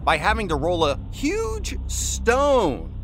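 A man's voice: high-pitched, huge pitch swings, takes it slowly, music in the background. A male morning radio host running an on-air trivia game with a caller, playful and teasing, laughing often. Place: radio studio.

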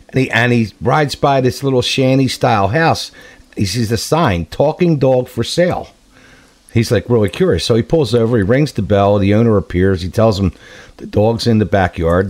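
A man co-hosting a radio talk show, chatting casually and telling jokes. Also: medium pitch. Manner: lively, chatty, laughs at his own jokes.

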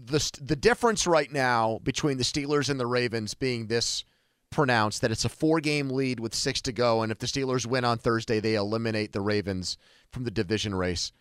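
A man's voice: medium pitch, fairly quick, a bit bright, clean tone, dry recording, studio quality. Man hosting sports radio, asking questions. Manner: leads the questions, teasing.

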